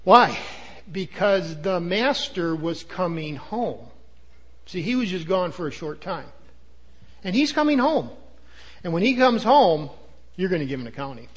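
Animated older male pastor preaching. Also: high-pitched, measured pace, long pauses. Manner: animated preaching with acted asides. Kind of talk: sermon.

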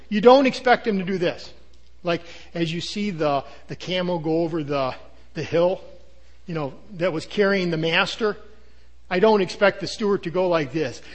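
Animated older male pastor preaching. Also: sits high. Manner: animated preaching with acted asides. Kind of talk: sermon.

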